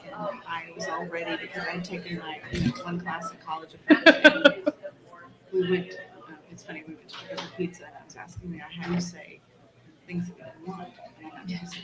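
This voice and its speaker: A woman author telling lively anecdotes in a casual convention panel chat. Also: on the low side, fast talker, a crowd in the background, rough recording. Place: convention panel room with audience.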